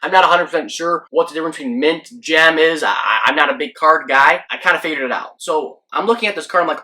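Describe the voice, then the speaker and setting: A man from Michigan hosting a sports vlog, telling a rambling, excitable story and acting out his own reactions. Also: fairly high pitch, moderate pace, few pauses. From Michigan, USA. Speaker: sports channel host.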